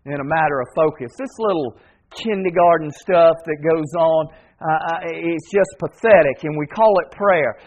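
A man's voice: a little high, moderate pace. A man preaching a sermon as pastor, emphatic and repetitive, leading the congregation in call-and-response.

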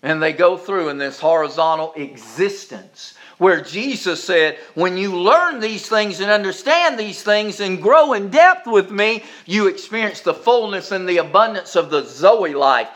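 High bright-voiced preacher man. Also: expressive, measured pace, few pauses. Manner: preaching with call-and-response, voice rising on emphasis. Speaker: pastor. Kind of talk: sermon.

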